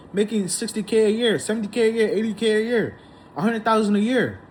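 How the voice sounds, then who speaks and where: High-voiced man ranting heatedly. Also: a little hiss or hum. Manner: indignant, repetitive, heated. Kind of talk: ranting monologue to camera.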